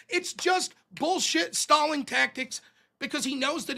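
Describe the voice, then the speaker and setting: A man's voice: very high-pitched, gravelly, sharp tone. A man hosting a political call-in stream, arguing hard and swearing, then reading donations aloud. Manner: combative, profane, rapid-fire questioning. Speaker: call-in show host.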